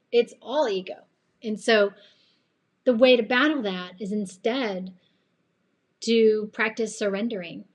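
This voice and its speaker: A woman with a slightly tired voice giving an earnest, chatty faith-based motivational talk on a live stream, rambling and laughing often. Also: mid-range voice. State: voice a bit tired late at night. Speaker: live-stream host and coach.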